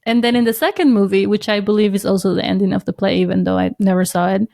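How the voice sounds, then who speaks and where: A woman's voice: medium pitch, fast, vocal fry. A young adult woman, a comedian co-hosting a podcast, chatting casually and telling stories with frequent laughter. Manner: animated, laughs often while telling stories. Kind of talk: casual chat.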